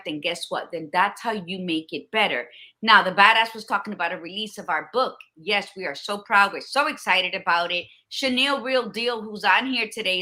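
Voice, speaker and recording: A woman's voice: medium pitch, sharp tone. A woman in her fifties co-hosting a podcast, talking in a blunt, profane and emphatic way in candid casual chat. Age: 50s. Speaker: podcast co-host.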